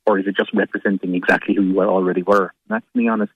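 A man's voice: sits low, huge pitch swings, racing, vocal fry, slightly rough, no echo. A man with an Irish accent, an actor, talking on a radio show in a thoughtful, rambling way. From Ireland. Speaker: actor guest. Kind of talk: radio interview. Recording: muffled lo-fi line.

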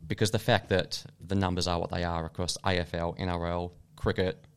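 Man, deep voice, fast talker, clear and smooth, casual sports chat. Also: flat delivery. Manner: quick, chatty, opinionated. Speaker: podcast co-host.

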